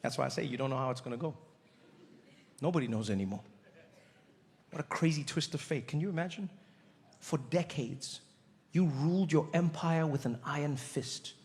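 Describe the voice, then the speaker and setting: A male comedian with a South African accent, telling a story on stage in an animated, self-mocking way, acting out his own nervous thoughts. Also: a little high, moderate pace, long pauses. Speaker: stand-up comedian. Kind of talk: stand-up storytelling. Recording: live show with audience noise.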